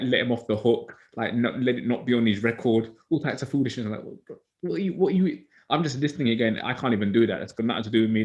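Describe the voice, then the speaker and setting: A man in an easygoing group discussion, spinning classroom stories with energy and acting out what others said. His voice sits at an ordinary middle pitch. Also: lo-fi sound. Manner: animated storytelling, acts out others' words. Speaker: co-host of a Bible study discussion, schoolteacher. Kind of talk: casual discussion.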